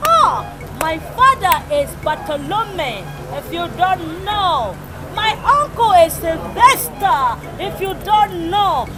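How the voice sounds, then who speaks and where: An actress playing a boastful Congolese woman who pitches money schemes in broken English with a French-tinged accent and frequent laughs. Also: big pitch swings, takes it slowly, over loud music, heavily acted. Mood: boastful, wheedling. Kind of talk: comedy film acting.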